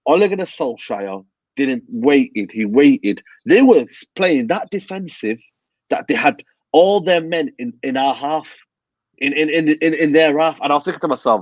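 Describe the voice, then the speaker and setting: A man ranting about football in a hushed voice from a hotel room, emphatic and repeating yeah and man. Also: on the high side, lively intonation, normal speed, no room sound, muffled recording. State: talking quietly, near a whisper. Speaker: football fan pundit. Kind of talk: heated football rant. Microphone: video call.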